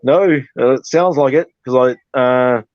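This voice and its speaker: A man's voice: mid-range voice, a little slow, no echo. A man from New Zealand with a New Zealand accent, a stand-up comedian rambling in a casual live-stream chat, laughing often and swearing freely, heard through a cheap phone. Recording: dull lo-fi cheap phone audio.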